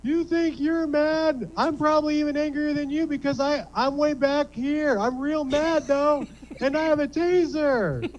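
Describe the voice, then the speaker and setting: A man voicing an angry, taser-toting yokel waiting at the back of a hot dog line, with a shrill, indignant delivery. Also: unhurried, muffled recording. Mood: irate. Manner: shouty, indignant, high-pitched.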